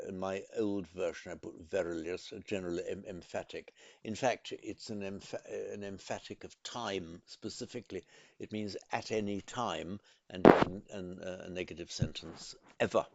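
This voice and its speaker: A man teaching a language lesson in a careful, methodical way, pausing to correct himself. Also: low voice, no room sound, lo-fi sound. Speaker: Sanskrit teacher. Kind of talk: explanatory lesson.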